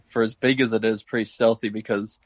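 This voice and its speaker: Brief: low-voiced male host, relaxed rambling film chat, dry muffled mic. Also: brisk, no room sound. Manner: relaxed, rambling recollection of scenes with filler words. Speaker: podcast host. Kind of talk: casual film-discussion podcast chat. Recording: dull, dry podcast mic.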